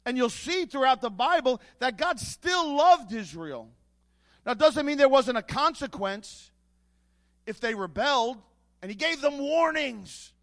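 A man's voice: very high-pitched, animated, measured pace, a bit bright. A man preaching a sermon as pastor, emphatic, building his points with repeated rhetorical questions.

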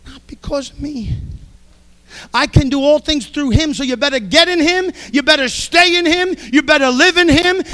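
A man preaching a sermon, fervent, swinging between soft passages and shouted exhortations. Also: extremely high pitch, moderate pace.

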